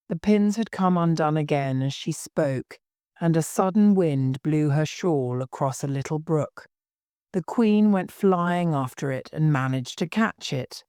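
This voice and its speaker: Slow, careful woman storyteller. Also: sits low, a little mellow, no room sound, studio quality. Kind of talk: slow read-aloud story for English learners.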